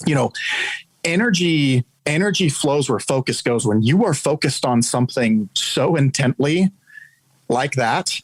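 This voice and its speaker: A man's voice: medium pitch, expressive, a little slow, dry recording, low-quality recording. A man being interviewed as a guest, telling a story in a conversational, earnest way to explain an idea.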